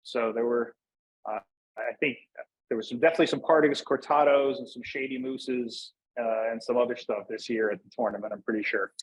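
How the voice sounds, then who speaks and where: A man's voice: medium pitch, steady tone, brisk, husky, poor audio. A man from Northeast Pennsylvania, a guest in a casual interview, speaking in an easygoing way with "you know" fillers. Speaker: guest, cigar brand manager.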